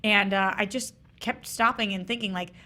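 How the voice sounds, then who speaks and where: A woman's voice: mid-range voice, fairly even intonation, moderate pace, sharp tone. A woman chatting as a panelist, hesitant and giggly. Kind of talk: casual panel chat.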